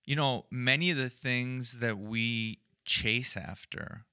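A man's voice: mid-range voice, slow pace, bright, forceful tone, smooth, dry recording, studio quality. A man co-hosting a casual faith podcast, earnestly building an analogy with frequent fillers and restarts. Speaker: podcast co-host.

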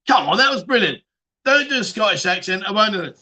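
A man's voice: sits high, big pitch swings, quick pace, sharp tone. A man hosting a casual livestream chat show, reading viewer comments and joking around with frequent laughs and swearing.

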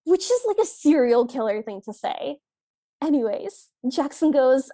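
A woman co-hosting a podcast, retelling a movie scene in an animated way and quoting the characters' lines. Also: high-pitched, normal speed, no echo, clean studio sound. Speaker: podcast co-host. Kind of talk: casual movie recap chat.

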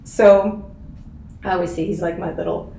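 A woman's voice: fairly low pitch, steady tone, moderate pace, warm tone. Earnest woman telling her story, echoey. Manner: earnest, emotional storytelling with laughs. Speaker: podcast guest. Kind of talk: casual interview chat. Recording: echoey room, faint noise.

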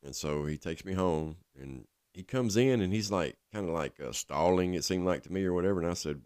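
A man's voice: sits low, lively intonation, a little fast, hardly any pauses, a little mellow, clean tone, dry recording, studio quality. A man telling his own story in a rambling, casual way, full of fillers. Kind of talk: personal storytelling.

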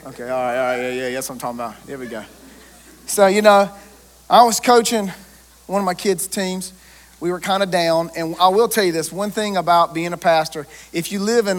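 A man, a pastor preaching a lively sermon and joking with his congregation. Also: sits high.

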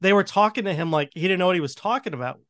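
A man's voice: high-pitched, animated, very fast, fairly bright tone, dry recording. A man talking casually about a film he enjoyed, enthusiastic, with frequent restarts. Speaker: podcast co-host.

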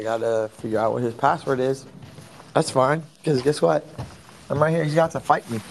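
A man's voice: medium pitch, fairly even intonation, normal speed, creaky, a little hiss or hum. A young man hosting a live audio chat room, rambling casually, swearing constantly and teasing a sleeping friend. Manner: profane, teasing, laughing fits.

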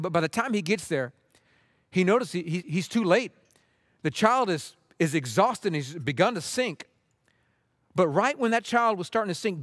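A man with a fairly high voice delivers an impassioned sermon from the pulpit. The sound is dry and close, with no room around it. He swings from urgent, pleading intensity to soft, hushed appeals. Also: no room sound. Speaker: pastor.

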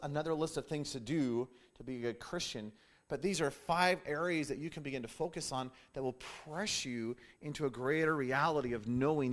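A man teaching a sermon-style Bible lesson, emphatic and repetitive, often restarting phrases. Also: on the high side.

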